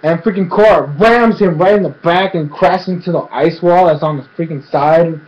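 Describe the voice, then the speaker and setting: Brief: high-voiced man, rambling excitable recap, muffled lo-fi sound. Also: moderate pace. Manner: rambling, excitable, fills speech with 'freaking' and 'like'. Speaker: show reviewer. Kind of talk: excited casual episode recap. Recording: dull lo-fi recording.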